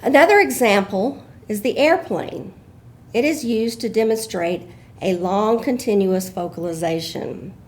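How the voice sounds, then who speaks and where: A woman giving measured, explanatory scripted narration as an instructor. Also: mid-range voice.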